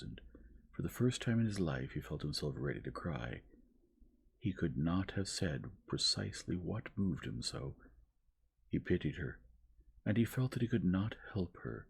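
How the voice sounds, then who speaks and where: A man narrating a classic novel in a slow, hushed and gentle ASMR reading voice. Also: very deep voice, vocal fry, slightly rough.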